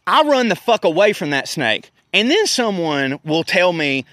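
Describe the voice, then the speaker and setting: A man's voice: high voice, big pitch swings, moderate pace, bright, forceful tone, no echo. A man, ranting casually and profanely as a host, and putting on voices for the people he quotes. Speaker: podcast host. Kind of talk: casual rant.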